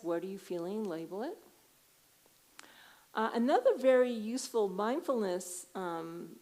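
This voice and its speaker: A woman's voice: medium pitch, rough recording. Woman giving a conversational conference talk. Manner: warm, conversational, laughs while telling stories. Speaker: conference speaker teaching self-compassion. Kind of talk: conference talk with personal story. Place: conference hall.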